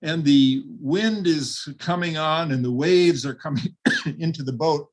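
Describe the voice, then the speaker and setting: An older man preaching a sermon with a slightly high voice. He tells the Bible story vividly and steps into its people as he goes. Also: a little slow. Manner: vivid retelling with acted quotes.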